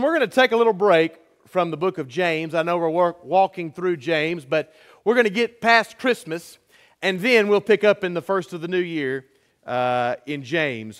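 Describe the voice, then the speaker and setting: A pastor delivers a sermon in a high voice. His manner is folksy and energetic, and he keeps circling back to the same words to drive them home. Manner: energetic, folksy, repeats phrases for emphasis.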